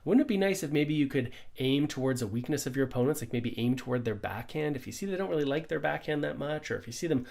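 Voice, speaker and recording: A man's voice: on the high side, lively intonation, fast, gravelly, few pauses, darkish tone. A middle-aged man, a pickleball coach, giving an upbeat conversational lesson full of rhetorical questions. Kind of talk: instructional explainer.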